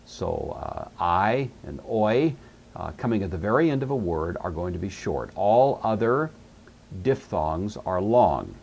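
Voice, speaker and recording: A middle-aged male teacher with a low, gravelly voice, walking through a lesson patiently and slowly repeating the key terms. His pitch rises and falls a lot as he stresses each point. A faint hiss sits under the recording. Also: very animated, a little mellow. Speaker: Greek teacher. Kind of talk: recorded lecture.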